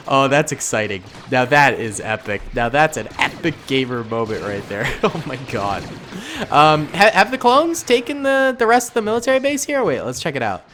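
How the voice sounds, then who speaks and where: A man with a Boston-area accent giving excitable, jokey, rambling commentary over a battle simulation game. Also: fairly high pitch, moderate pace, a little hiss or hum. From Massachusetts, USA. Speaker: gaming YouTuber narrating a battle simulation. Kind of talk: casual gameplay commentary.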